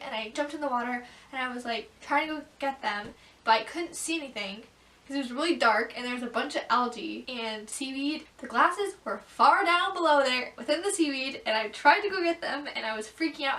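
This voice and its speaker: A teenage girl chats to her camera, recounting embarrassing moments with plenty of "like" and quick laughs. Her voice sits high. The sound is roomy and echoey, picked up from a little distance. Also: a bit bright. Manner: chatty, full of "like", breaks into laughs. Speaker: vlogger. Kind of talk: casual storytelling to camera. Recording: echoey room, mic at a distance.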